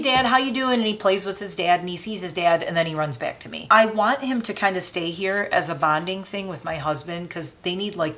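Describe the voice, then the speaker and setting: A woman vlogging casually as she packs her puppy's travel bag, talking in a chatty and openly emotional way with warm, sentimental asides. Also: lowish voice. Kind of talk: casual chat.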